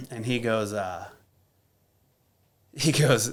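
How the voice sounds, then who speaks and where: A man's voice: mid-range voice, animated, measured pace, long pauses, a bit bright. Blunt, profane man telling a story. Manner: blunt, profane, many filler words. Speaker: guest. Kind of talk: candid conversational storytelling.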